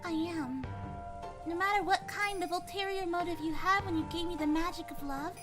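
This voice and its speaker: A woman voicing a polite, earnest young maid who speaks softly. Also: very high voice, moderate pace, music in the background. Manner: polite, soft-spoken.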